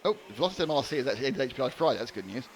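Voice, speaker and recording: A man's voice: mid-range voice, expressive, rapid-fire. Chatty man commentating a race. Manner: chatty, joking banter. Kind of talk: live commentary. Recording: light background noise.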